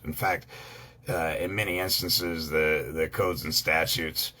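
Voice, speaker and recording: A man's voice: a bass voice, steady tone, a little slow, pushed and bright. A man talking casually to his viewers, rambling with many ums and uhs, blunt and with the odd swear word. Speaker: online law educator.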